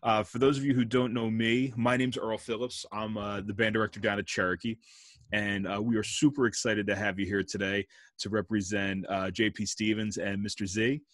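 A man hosting a casual interview over a video call, relaxed and friendly, using jazz slang. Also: on the low side, normal speed, dry recording. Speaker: host, band director.

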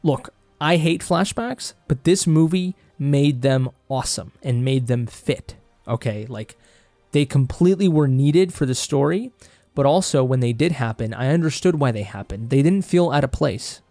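A man's voice: mid-range voice, lively intonation, normal speed, warm tone, no echo, faint music behind. A young man from Mexico with a Mexican Spanish accent, a native Spanish speaker, delivering a passionate, heated movie review monologue and swearing freely as he gets worked up. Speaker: film vlogger.

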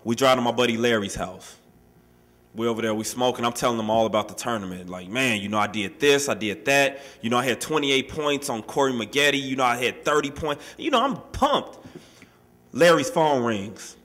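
Man, bright forceful voice, casual storytelling, street-style slang, animated retelling. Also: medium pitch, a little fast. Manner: casual, street-style speech, full of "you know" and "man"; animated, acts out quoted voices. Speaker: speaker sharing his life story at a workshop. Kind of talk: personal storytelling to an audience.

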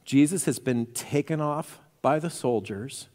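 A male pastor preaching a sermon in a church, telling the story with animated energy and acting out the quotes. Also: a little high, unhurried. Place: church sanctuary. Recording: reverberant church hall.

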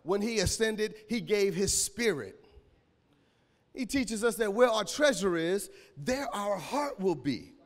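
Male pastor, high voice, AAVE, shouting sermon with a cracking voice, echoing church hall. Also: expressive, measured pace. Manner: preaching with call-and-response and sudden shouts.

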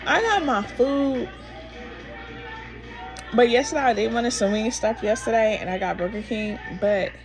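A woman's voice: on the high side, measured pace, pauses often, music in the background. A woman vlogging a frustrated, rambling rant while drowsy from pain pills. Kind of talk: casual ranting to camera.

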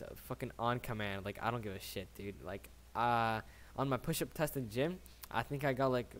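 Young man, late teens, casual storytime, slangy, rambling, lots of swearing, mid-pitched voice. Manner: slangy and rambling, swears often, keeps adding "right?".

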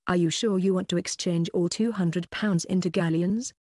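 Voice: mid-range voice, fairly even intonation, normal speed, darkish tone, no room sound, clean studio sound, close to an everyday voice. An audiobook narrator voicing an elderly goblin bank clerk with a matter-of-fact manner. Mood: businesslike. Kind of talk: audiobook character voice.

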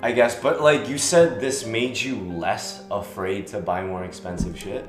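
A man's voice: fairly low pitch, steady tone, unhurried. A young man hosting a casual chat, joking and teasing his guest. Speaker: host. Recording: echoey room, faint music.

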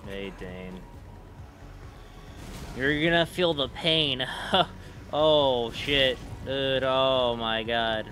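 A man's voice: mid-range voice, very slow, long pauses, faint music behind. A man giving casual gameplay commentary, swearing and trash-talking the bosses. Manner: profane, excitable, trash-talks bosses. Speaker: gaming video creator.

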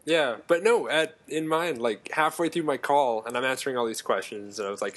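A young man from Canada chatting on a podcast. He rambles through stories, swears casually and laughs often, at a middling pitch for a man. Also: brisk, hardly any pauses. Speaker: podcast co-host. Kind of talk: casual chat.

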